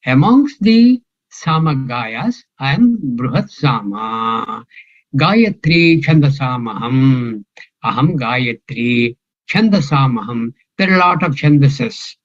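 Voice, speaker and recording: Slow-speaking older man teaching scripture. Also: a little high, dull audio. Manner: slow, musing, quizzes the class. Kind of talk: scripture class, question and answer.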